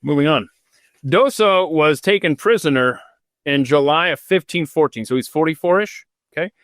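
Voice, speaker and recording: A man's voice: on the high side, normal speed, fairly bright tone, no echo, clean studio sound. A man hosting a podcast in an unscripted, casual way, drifting off topic into self-mocking asides while reading out history. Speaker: podcast host.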